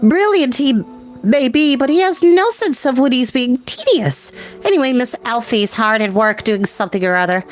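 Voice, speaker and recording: A man voicing a haughty young woman student in a storybook reading, speaking high and lofty. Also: lively intonation, normal speed, soft background music. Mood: dismissive.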